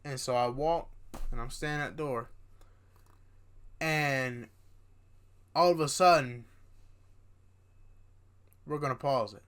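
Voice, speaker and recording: A young man casually telling a dream story to his viewers, tired and yawning at times, animated and rambling with restarts and asides. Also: medium pitch, slow pace, pauses often, clear, resonant tone. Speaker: vlogger.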